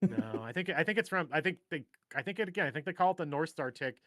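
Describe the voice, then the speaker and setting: A man's voice: fairly high pitch, lively intonation, fast, sharp tone, dry recording, clean studio sound. A man co-hosting a livestream, chatting casually and rambling from one joke to the next. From Minnesota. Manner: rambling, jokey, trails off into mumbles. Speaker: livestream co-host. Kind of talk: casual chat.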